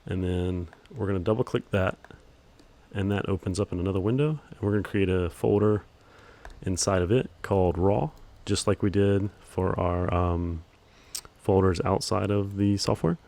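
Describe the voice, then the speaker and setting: Low-voiced, monotone man teaching software. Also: normal speed, gravelly. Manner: calls his own voice monotone, relaxed, many ums. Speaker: video editing instructor. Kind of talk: screen-recorded software tutorial.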